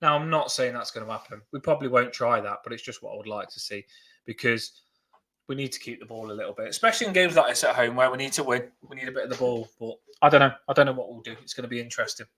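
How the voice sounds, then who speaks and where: A man's voice: mid-range voice, fast talker. A young man co-hosting a casual football fan chat, telling stories with lots of laughs. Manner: animated storytelling, laughs often. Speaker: podcast co-host.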